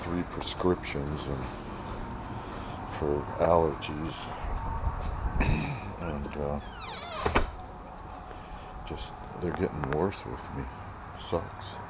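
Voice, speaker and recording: A man talking casually to camera in a vlog, rambling and thinking aloud, often clearing his throat, moving between his workshop and yard. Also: very deep voice, animated, very slow, long pauses, heavy background noise. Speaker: vlogger.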